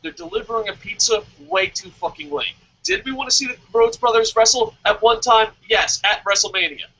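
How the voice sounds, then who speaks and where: A man's voice: sits high, a little fast. A man co-hosting a wrestling talk podcast, ranting with a lot of swearing in casual chat. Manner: profane, ranting, animated. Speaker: wrestling show co-host. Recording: dull lo-fi podcast audio.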